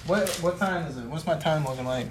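A man's voice: on the high side, a little fast, echoey room, a little hiss or hum, poor audio. A male preacher giving a sermon, retelling a story in a folksy, vivid way and building to passionate emphasis.

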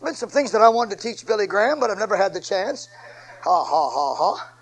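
A man preaching a sermon, swinging from quiet asides to shouted, repeated phrases. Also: sits high, expressive, fast, rough recording.

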